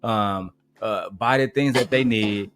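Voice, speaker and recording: A man's voice: fairly low pitch, slow pace, a bit bright, clean tone, dry recording, faint music behind. A man hosting a reaction livestream, talking in a blunt, profane, ranting way. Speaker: livestream host. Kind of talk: casual reaction stream chat.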